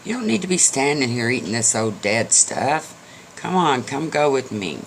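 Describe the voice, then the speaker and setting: A man's voice: medium pitch, sing-song, moderate pace, vocal fry, a bit bright. An eager, kindly mule in a told storybook tale, as a man puts him on, coaxing in a lifted voice. A faint hiss of noise sits under the recording. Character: kindly, helpful male mule.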